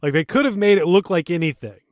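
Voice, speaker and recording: A man co-hosting a podcast, making sarcastic jokes and laughing quickly. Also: high voice, expressive, a little mellow, no room sound. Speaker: podcast co-host. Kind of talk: casual chat.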